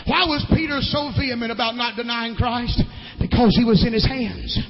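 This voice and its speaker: High-voiced preacher guy, gravelly, shouting in a big echoey church, muffled recording. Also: normal speed. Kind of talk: holiness sermon.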